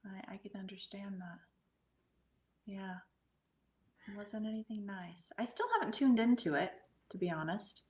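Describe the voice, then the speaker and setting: A middle-aged woman telling a personal spiritual experience in an earnest way, sometimes sinking to a hushed whisper. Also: medium pitch, unhurried, pauses often. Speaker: guest medium and energy healer. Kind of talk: conversational storytelling.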